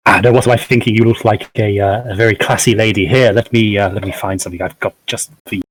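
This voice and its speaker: A rambling elderly curio peddler, as a man puts him on, pitched a little above his own low voice. He pushes his wares with a cosy salesman's patter, stumbling over fillers as he goes. It plays as a fantasy tabletop game. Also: fairly even intonation, quick pace, no echo, natural voice, rough recording. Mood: salesy. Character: sleepy elderly male curio merchant, chatty, salesy.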